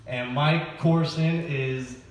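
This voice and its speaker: At a church open mic night, a stand-up comedian with a fairly high voice works through a nervous, self-deprecating set, slow and fairly even in intonation. He rambles, padding his lines with fillers and laughs. The sound comes from far off in an echoey hall.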